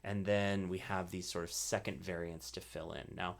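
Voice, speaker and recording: A man's voice: low-pitched, moderate pace, gravelly. A man teaching ukulele rhythm in a casual, explanatory way, often checking in with "right?" while strumming between phrases. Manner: relaxed, explanatory, frequent "right?" check-ins. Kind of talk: casual instructional talk.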